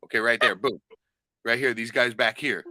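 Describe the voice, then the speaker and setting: A man's voice: medium pitch, moderate pace, bright, forceful tone, no echo. A man on a casual podcast, rambling and swearing a lot, often tagging lines with "right?". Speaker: podcast co-host. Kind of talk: casual profane chat.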